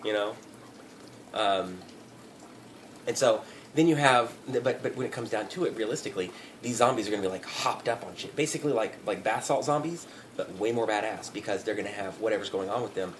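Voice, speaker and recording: A man's voice: on the low side, brisk, slight background noise. A man giving a profane, rambling comedic rant, often breaking into laughter. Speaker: vlogger.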